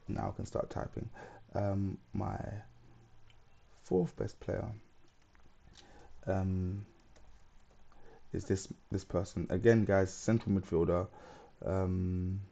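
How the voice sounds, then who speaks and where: Man, stream host, chatty and rambling, mellow dark tone, gravelly. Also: fairly low pitch. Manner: rambling, chatty, reads viewer comments aloud. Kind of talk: casual live stream chat.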